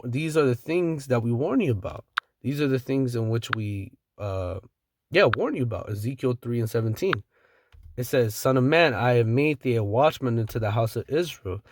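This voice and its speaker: A man's voice: medium pitch, no room sound, clean studio sound. A man preaching from scripture, reading verses aloud and then riffing on them in blunt, slangy street talk with the odd chuckle.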